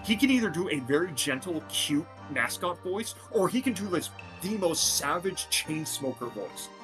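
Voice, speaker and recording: Enthusiastic stream co-host, mid-pitched voice. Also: normal speed, music in the background. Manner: animated fan enthusiasm. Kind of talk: casual stream chat.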